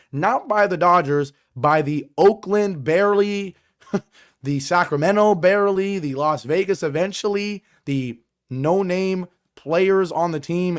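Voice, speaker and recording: A man hosting a sports podcast, hoarse and raspy from a cold, delivering emphatic, exasperated commentary. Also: high voice. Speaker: podcast host.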